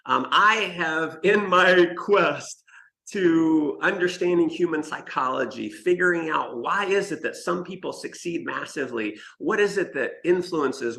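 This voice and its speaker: A male motivational speaker with a bright, sharp edge to his voice. He talks with emphasis, tells stories and turns to address his listeners directly. A gravelly texture runs under his fairly high-pitched delivery. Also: measured pace, poor audio. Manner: emphatic storyteller who speaks straight to the listeners. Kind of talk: motivational talk to an online summit audience.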